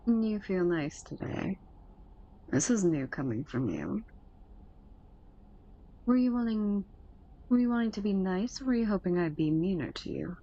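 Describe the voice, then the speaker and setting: A young adult woman streaming a game in a soft-spoken ASMR manner, teasing and chatting lazily with her viewers. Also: mid-range voice, sing-song, a little slow, pauses often, dull audio.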